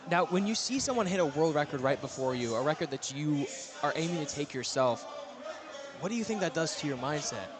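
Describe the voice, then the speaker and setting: Lively, animated male sports commentator. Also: a little high, fairly quick. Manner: enthusiastic, repeats exclamations. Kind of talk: live powerlifting commentary.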